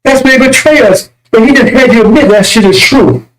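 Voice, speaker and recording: A man with a high voice preaches in a fiery, rambling rant. His delivery is crude and mocking, full of scorn for those he condemns. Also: fairly quick, fairly bright tone, low-quality recording. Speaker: self-styled religious messenger. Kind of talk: impassioned religious rant.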